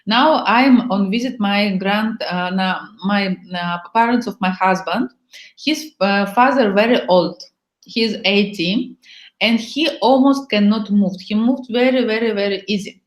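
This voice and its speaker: A woman's voice: medium pitch, unhurried. A woman, speaking broken English as a workshop host in a casual chat, frank and playful, acting out little scenes as she goes. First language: Bulgarian. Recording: echoey room.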